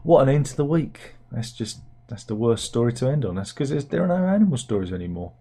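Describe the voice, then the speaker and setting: This British satirical news host speaks quickly at medium pitch, with lively intonation and a warm tone. His casual, wry rambling is packed with fillers and restarts, like he's chatting to himself.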